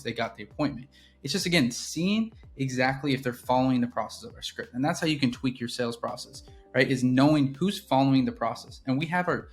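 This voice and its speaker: A man walking through his sales process in a casual teaching style, keeps checking in with "right?". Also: mid-range voice. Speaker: real estate business owner teaching sales. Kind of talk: casual instructional walkthrough.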